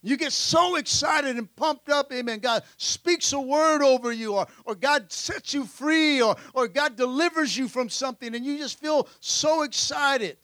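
High-voiced guy preaching hard, keeps saying amen, super bright sound, dry close mic. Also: unhurried, few pauses, no echo. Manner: energetic preaching, frequent "amen", acts out disciples' voices. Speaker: pastor. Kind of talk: sermon. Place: church sanctuary.

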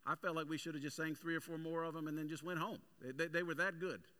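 A male pastor preaching a sermon with energetic, animated storytelling. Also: fairly high pitch, quick pace.

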